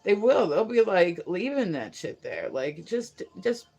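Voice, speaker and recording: Woman chatting on a livestream, kinda gravelly, rambles and says like a lot. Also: medium pitch, sing-song, measured pace, a little mellow. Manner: rambling, filler-heavy, laughs at own stories. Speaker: livestream host. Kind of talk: casual livestream chat.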